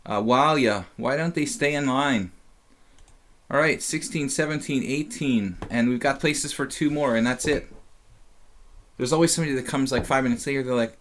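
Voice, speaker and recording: A man's voice: mid-range voice, normal speed, fairly bright tone. A tired man casually commentating his chess simul on a live stream, rambling and chatty with lots of fillers.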